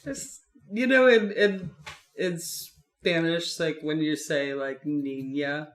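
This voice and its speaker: A woman's voice: fairly low pitch, animated, slow pace, roomy sound. A woman co-hosting a podcast in casual chat, explaining things at length in a chatty way. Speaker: podcast co-host.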